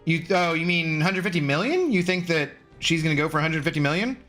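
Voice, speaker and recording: A man's voice: on the high side, lively intonation, quick pace, fairly bright tone, soft background music. A man casually chatting with viewers while live-streaming a mobile game, greeting them by name.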